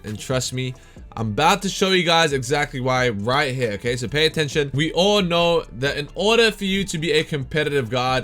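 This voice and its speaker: Sounding a bit worn out, a young man hosts a relaxed gaming tutorial for his YouTube channel, staying hyped and chatty and repeatedly saying "man" and "guys." His voice is medium pitched and a bit bright.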